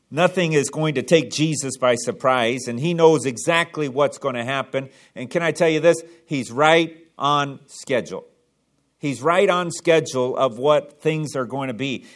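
A man preaching a Sunday sermon in a church, building emphasis, often pausing with "uh" and repeating words. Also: a little high, a bit bright. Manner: preaching with rising emphasis and frequent "uh" pauses. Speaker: pastor. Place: church sanctuary.

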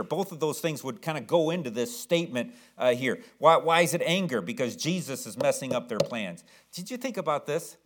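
A man preaching a sermon as pastor, emphatic, repeating words and asking the congregation questions. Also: fairly high pitch.

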